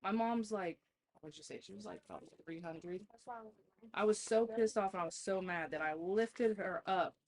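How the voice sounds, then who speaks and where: A woman's voice: medium pitch, normal speed, a little hiss or hum. A woman guest on a podcast, telling stories in a casual chat, laughing often and swearing freely.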